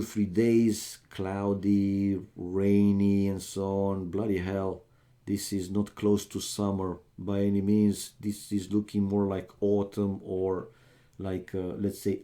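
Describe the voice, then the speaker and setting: A young man talks with his stream viewers in an easy, unhurried way. His voice sits fairly low and has a dark, mellow tone. He moves between small talk with viewers and commentary on the match. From Romania. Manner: chatty, talks straight to viewers, calls them "man". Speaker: live streamer casting a strategy game. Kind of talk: casual live-stream chat and match commentary.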